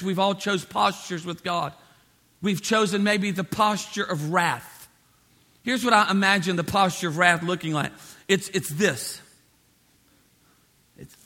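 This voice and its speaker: A man with a high, bright voice preaching a sermon. He hammers his points with repeated phrases and slips into acted-out quotes of the people he describes. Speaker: pastor.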